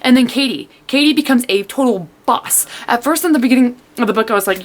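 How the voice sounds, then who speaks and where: A young woman talks through a book she loved in a loose, casual vlog, her voice sitting a little high. She rambles and restarts, says "like" constantly, and acts out her own reactions as quoted asides. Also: a little fast. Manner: excitable, rambling, full of "like". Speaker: book reviewer.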